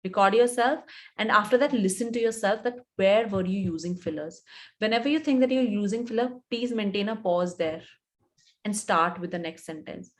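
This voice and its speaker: A woman's voice: medium pitch, moderate pace. A woman with an Indian English accent, an image coach in her thirties, giving instructive advice in a live webinar and repeating her points for emphasis.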